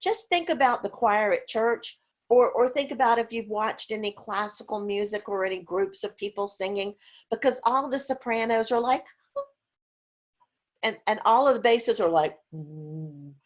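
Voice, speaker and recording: A woman's voice: a little high, normal speed. Chatty woman speaking over a video call. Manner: demonstrative, acts out voice examples; chatty with frequent fillers. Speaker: conference speaker on caregiving.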